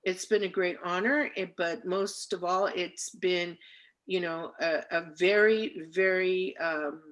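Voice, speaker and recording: A middle-aged woman, a labor organizer, telling her story as an interview guest in a lively, emotional way, with many pauses and fillers. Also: on the low side. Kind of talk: conversational storytelling.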